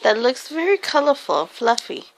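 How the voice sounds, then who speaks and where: A woman's voice: sits high, big pitch swings, moderate pace, gravelly, poor audio. A woman telling an improvised silly story, giggly and rambling.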